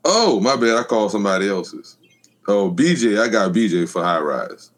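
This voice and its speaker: A man talking in an unhurried, easygoing way in a casual group chat. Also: lowish voice, lively intonation. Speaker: panelist.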